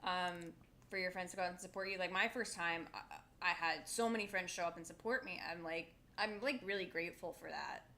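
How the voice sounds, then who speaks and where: A woman co-hosting a casual podcast, her voice bright and clear. She talks in a chatty, self-assured way and leans on fillers like "like" and "um". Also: fairly low pitch, fairly quick. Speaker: podcast co-host. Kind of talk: casual chat.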